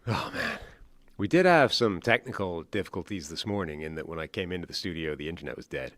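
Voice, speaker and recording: A man's voice: sits low, expressive, brisk, fairly bright tone, dry recording. A man co-hosting a casual sports talk show in a studio, thinking aloud with frequent restarts and fillers. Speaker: podcast co-host.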